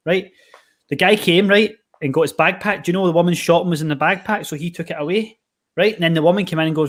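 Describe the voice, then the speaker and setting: This man's voice sits fairly high and moves quickly. He's a Scottish personal trainer hosting a podcast, and his casual conversation wanders through lively, filler-heavy anecdotes.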